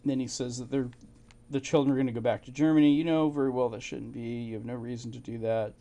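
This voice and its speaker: A man giving casual, halting commentary while reading through old documents. He thinks aloud, restarts often and chuckles to himself. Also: mid-range voice, steady tone, mellow, dull audio. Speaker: channel host.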